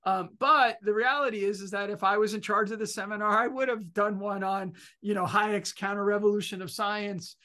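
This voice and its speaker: A middle-aged man, an economics professor, telling his personal story in a talk, animated and full of fillers like "you know". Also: high-pitched, normal speed, few pauses.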